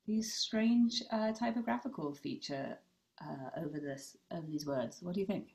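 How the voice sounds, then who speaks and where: Her voice sits on the low side, dark in tone with vocal fry, as this rabbi runs a relaxed online study class. Thoughtful and prone to fillers and restarts, she works through ideas aloud and reads out what participants have written.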